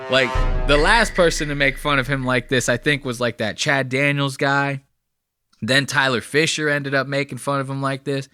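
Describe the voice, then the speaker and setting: A man's voice: medium pitch, fairly even intonation, moderate pace, bright, forceful tone, smooth, no echo, clean studio sound, faint music behind. A man giving blunt, profane, chatty commentary on comedy clips. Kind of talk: casual commentary.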